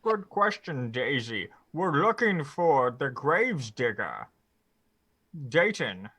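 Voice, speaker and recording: A man's voice: medium pitch, big pitch swings, slow pace, pushed and bright. A man playing a tabletop game, asking dry questions in character. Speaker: player. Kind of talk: casual in-character play.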